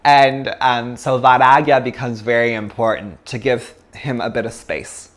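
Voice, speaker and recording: A man's voice: mid-range voice, fairly even intonation, measured pace, fairly bright tone. A man from Canada, a yoga teacher giving a chatty, casual philosophy talk, full of fillers and laughs.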